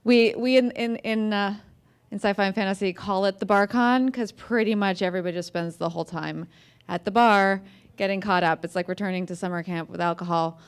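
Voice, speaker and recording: A woman's voice: mid-range voice, steady tone, fairly quick, clean tone. An American woman author talking casually to an audience, chatty and self-deprecating, with lots of fillers and restarts. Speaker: author giving a talk. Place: museum event room.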